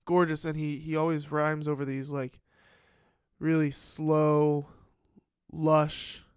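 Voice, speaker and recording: Casual male streamer, animated and profane storyteller, clean dry close-mic sound. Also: fairly high pitch, slow pace, clean tone, dry recording. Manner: rambling, swearing, animated storytelling. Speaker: livestream host. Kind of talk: casual livestream chat.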